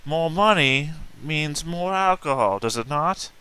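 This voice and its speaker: Bright, smooth-voiced male player. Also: fairly high pitch, lively intonation, measured pace, no room sound. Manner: formal, persuasive in character. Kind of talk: playing a character in a tabletop game.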